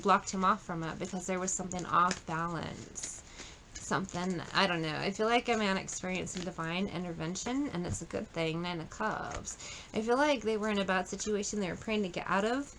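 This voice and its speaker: A woman's voice: mid-range voice, a bit bright, slight background noise, rough recording. A woman doing a casual tarot reading, blunt and profane, thinking aloud as she pulls cards. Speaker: tarot reader.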